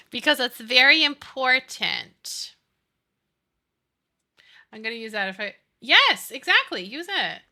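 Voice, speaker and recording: A woman's voice: high voice, very animated, slow pace, pauses often, bright, forceful tone. A woman in her thirties, a streamer chatting casually with her viewers while she builds in a game. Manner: chatty, upbeat, reads and answers chat.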